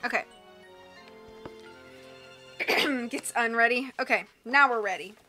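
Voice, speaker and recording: A woman's voice: fairly high pitch, slow pace, bright, forceful tone. A woman reading a storybook aloud on a live stream and chatting casually with viewers. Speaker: audiobook reader and live streamer. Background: faint background music.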